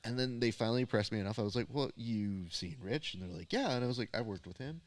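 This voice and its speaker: A man's voice: mid-range voice, lively intonation, very fast. A man hosting a casual fight-watching talk show, telling long stories with laughter and acted-out quotes. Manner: talkative, laughs often, acts out quoted dialogue. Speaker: podcast host and jiu-jitsu coach. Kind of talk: casual chat.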